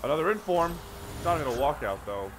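A man giving casual commentary while opening packs in a video game, swearing freely and swinging between flat grumbling and excited shouts. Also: a little high, fast, noisy background. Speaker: gaming video creator.

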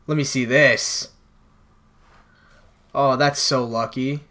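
A man's voice: medium pitch, steady tone, slow pace, pushed and bright, slight background noise. Frustrated young-sounding gamer guy commentating. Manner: frustrated, exclaiming, talks to viewers. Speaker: gaming channel host. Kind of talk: gameplay commentary. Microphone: new desktop microphone.

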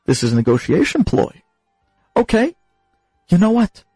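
A man's voice: sits high, huge pitch swings, normal speed, mellow, husky, dry recording, faint music behind, voice pushed up, full character voice. A man voicing a stubborn, wealthy miser who haggles insistently and repeats himself. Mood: eager.

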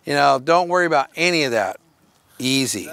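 A man teaching a hands-on workshop, his voice sitting a little higher than most men's. He gives short, direct commands and mixes in playful asides between them. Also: expressive, brisk, creaky, fairly bright tone. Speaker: dog show handling instructor.

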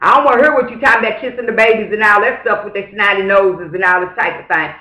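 A man's voice: high-pitched, fast talker, bright, forceful tone. A man talking straight to camera in a casual, preachy vlog monologue, emphatic and fervent, with repeated rhetorical asides. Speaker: vlogger. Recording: roomy echo.

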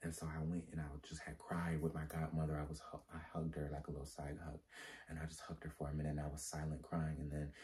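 A man's voice: extremely low pitch, completely flat delivery, fast talker, warm tone. A man who is a pastor giving a candid personal testimony, talking casually with slang and rising into emphatic, preacher-like swings.

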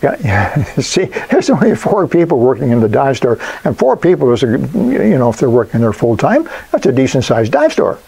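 A man's voice: mid-range voice, moderate pace, vocal fry, few pauses, breathy edge, low-quality recording. Older man, business coach, casual and punchy, mid-range voice, folksy asides. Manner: animated, emphatic, folksy asides. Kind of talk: casual advice talk.

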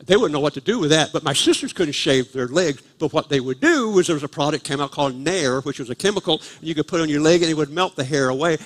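An older man, preaching a sermon at a live church service and telling a humorous, self-deprecating story about his past. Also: fairly high pitch. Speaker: guest preacher.

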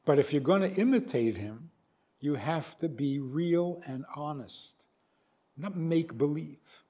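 A man's voice: fairly high pitch, unhurried. An older man, a rabbi, giving a storytelling lecture and acting out both sides of a conversation. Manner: animated storyteller, acts out both sides of dialogues. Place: synagogue hall.

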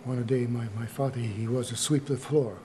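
A man playing an older Italian immigrant mob grandfather in a comedy sketch, speaking halting, broken English with an Italian accent and slipping into Italian. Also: medium pitch, steady tone, dark tone, slight background noise, lightly acted. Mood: grave storytelling.

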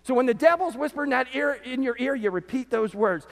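A man preaching a sermon as pastor to his congregation, animated, his voice swinging from loud peaks to quiet lows. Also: brisk, hardly any pauses. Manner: animated preaching, voice rising and dropping sharply. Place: church sanctuary. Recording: church sanctuary with long reverb.

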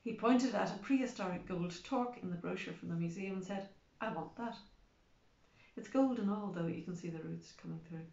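A woman's voice: fairly low pitch, a little fast, gravelly, hardly any pauses, darkish tone. A woman narrating an audiobook in the first person, with a wry, chatty manner. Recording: roomy, slightly dull recording.

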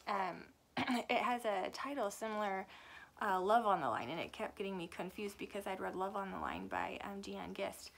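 With a medium-pitched voice marked by vocal fry, a young adult author chats casually through a book review, rambling and often correcting herself as she goes.

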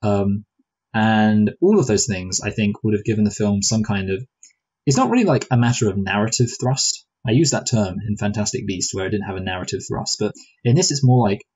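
Low, husky-voiced man reviewing films. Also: lively intonation, fairly quick, a little mellow, rough recording. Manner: rambling, hesitant, full of restarts and fillers; playful speculative asides. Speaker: film review podcast co-host. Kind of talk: casual film review chat.

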